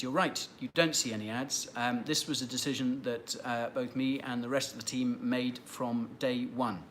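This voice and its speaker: A man's voice: medium pitch, a bit bright, a little hiss or hum. A man hosting a casual livestream, answering viewer questions in a rambling, chatty way and teasing regulars. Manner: chatty and rambling, with many fillers and restarts, light teasing of viewers. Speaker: livestream host.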